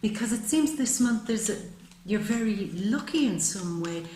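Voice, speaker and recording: A woman's voice: medium pitch, animated, moderate pace, dark tone. Woman doing a chatty tarot reading, soothing and emphatic, roomy echo, a little background noise. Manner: soothing, emphatic, calls the listener "baby" and "my love". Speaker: tarot reader. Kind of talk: monthly tarot reading to camera. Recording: roomy with faint ambient noise.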